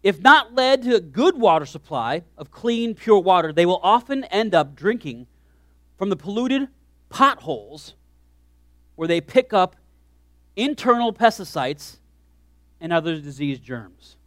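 A man preaching a sermon as pastor, animated, swinging from hushed asides to shouted lines. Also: sits high, measured pace, no room sound, clean studio sound.

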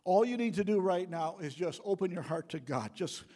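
Husky-voiced preacher in a reverberant church. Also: male voice, lively intonation, moderate pace, few pauses, mellow. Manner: preaching with rising, booming emphasis. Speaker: pastor. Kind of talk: sermon. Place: church sanctuary. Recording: long church hall reverb.

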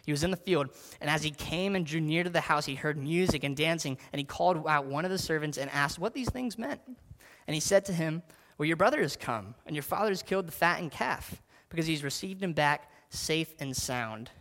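A man's voice: a little high, brisk, a bit bright. A man preaching casually, often saying "like" and asking his listeners direct questions. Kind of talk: sermon.

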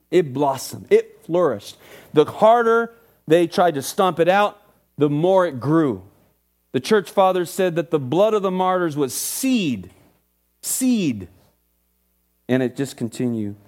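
A man's voice: high voice, darkish tone. A man preaching a sermon to a congregation, reading scripture with rising emphasis and dropping into joking asides. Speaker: pastor.

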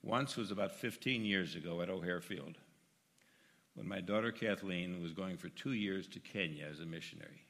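Older man, very low voice, earnest church testimony; goes quiet, then loud and emphatic; long hall echo. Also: moderate pace. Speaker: church member speaking to his congregation. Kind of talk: personal testimony. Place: church sanctuary.

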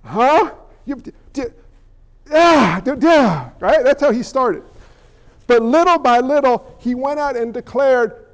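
High-voiced man preaching a lively sermon. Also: unhurried, poor audio. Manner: animated preaching with acted-out quotes and humor. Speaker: pastor.

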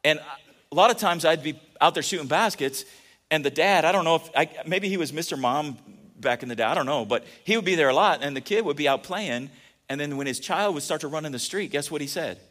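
A man's voice: on the high side, a little fast, fairly bright tone. A man preaching a casual, joking sermon, telling stories and often restarting his sentences. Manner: chatty and joking, with many restarts. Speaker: pastor.

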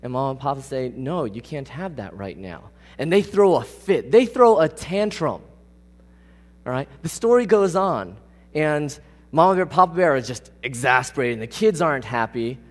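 A man's voice: a little high, animated, normal speed. A man preaching a conversational sermon. He speaks casually but with emphasis and often puts questions to the congregation. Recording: long reverb of a large hall.

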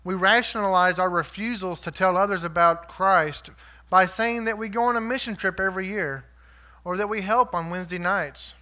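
Bright, high-voiced earnest male preacher. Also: moderate pace. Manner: earnest and conversational, with rhetorical asides. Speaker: lay preacher. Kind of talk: sermon.

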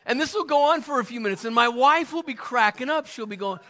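A man's voice: very high-pitched, expressive, a little fast, bright, forceful tone. A middle-aged man preaching a sermon in a conversational way, often asking the audience questions as he explains a Bible passage. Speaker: pastor.

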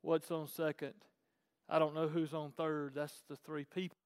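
A man's voice: a little high, level tone, normal speed, a little mellow, clear, resonant tone. A man preaching a sermon to his church, conversational one moment and emphatic the next. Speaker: pastor. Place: large church hall. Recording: long hall reverb.

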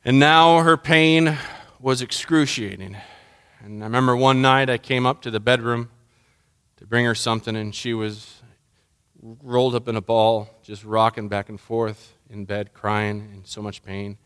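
A man's voice: medium pitch, steady tone, unhurried, fairly bright tone, clean tone. A middle-aged man, a pastor, giving a sermon in a personal, emotional storytelling way that rises into impassioned pleading.

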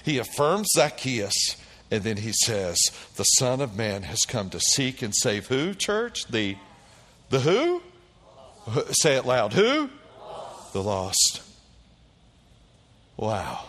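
A man preaching a sermon, calling out to the congregation and swinging between quiet low passages and loud high bursts. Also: slow, big-room sound. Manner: animated preaching with call-and-response. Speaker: pastor.

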